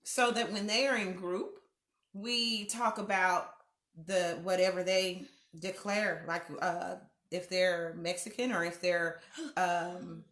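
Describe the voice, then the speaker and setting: A woman's voice: fairly low pitch, slow. A middle-aged woman hosting a mentoring livestream from home, telling stories and acting out quoted voices with laughs. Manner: animated storyteller, acts out quoted voices with laughs. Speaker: host of a youth mentoring livestream. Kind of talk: casual livestream talk. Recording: echoey home room.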